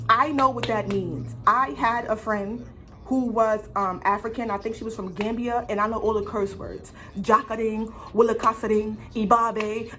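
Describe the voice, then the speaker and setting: A woman telling a story on her vlog in an animated way, full of swearing and slang. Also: a little high. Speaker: vlogger.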